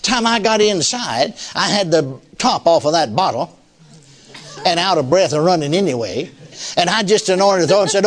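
Older preacher, high-pitched, folksy storyteller who chuckles a lot. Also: male voice, expressive, moderate pace. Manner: folksy, chuckling often, fillers like "you see". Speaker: pastor. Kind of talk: sermon storytelling.

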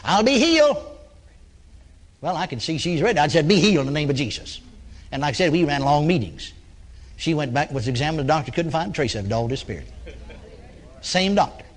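High, lively folksy preacher man. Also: quick pace. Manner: folksy, acts out dialogue with congregants. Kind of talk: storytelling sermon.

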